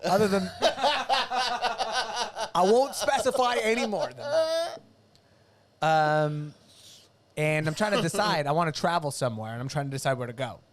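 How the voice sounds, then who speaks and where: A man's voice: a little high, sing-song, moderate pace, long pauses. An American man co-hosting a comedy podcast, riffing sarcastically with mock-angry bursts into a studio microphone. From United States. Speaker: podcast co-host. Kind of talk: casual comedic podcast banter.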